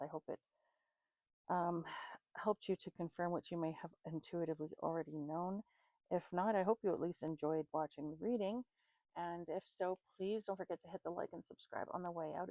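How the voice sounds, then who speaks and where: A woman's voice: fairly low pitch, vocal fry, mellow, no room sound. A tired woman giving a casual psychic reading, free-associating names and places and chuckling at her own slips. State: tired, sleepy. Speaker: psychic reader.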